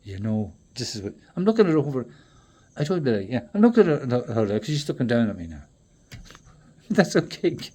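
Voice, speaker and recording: A man in a rambling, profane monologue that swings between loud outbursts and low mutters. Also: big pitch swings, fast talker, husky.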